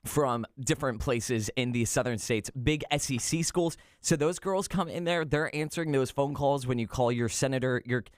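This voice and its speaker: A man speaking as a political guest on a talk radio show, wry and measured, with some fillers. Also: medium pitch, no echo, studio quality. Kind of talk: casual radio interview.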